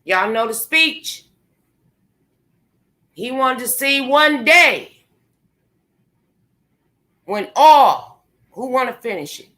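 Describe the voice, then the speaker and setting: Speaking extremely slowly with long pauses, a woman vlogger delivers a heated, profane, confrontational rant straight into the microphone at her computer indoors. Her high-pitched voice is animated, bright and forceful.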